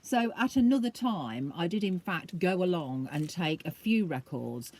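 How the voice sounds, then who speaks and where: A chatty woman rambling to camera with plenty of fillers. Her voice is husky and fairly low, and its pitch rises and falls freely. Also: lively intonation, measured pace, a little mellow, no room sound. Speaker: vlogger and collector. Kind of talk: casual chat.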